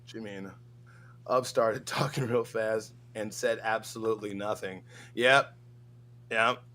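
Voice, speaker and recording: A man's voice: fairly low pitch, steady tone, takes it slowly, bright, forceful tone, a little hiss or hum. A young man co-hosting a casual livestream, bantering in loose slang. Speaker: stream co-host.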